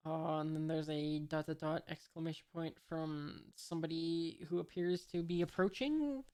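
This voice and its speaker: A woman reading a comic aloud in a casual way. She pauses often on filler sounds, reads out the sound effects and describes each panel. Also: low voice, dark tone, clear, resonant tone. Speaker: reader of a comic. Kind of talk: casual comic read-along.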